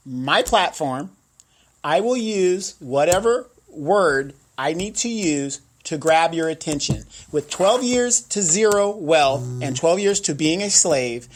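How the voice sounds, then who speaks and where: A man in his forties, co-hosting a casual chat show, speaking in a measured, deliberate and outspoken way. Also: fairly high pitch, a bit bright. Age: 40s. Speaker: co-host.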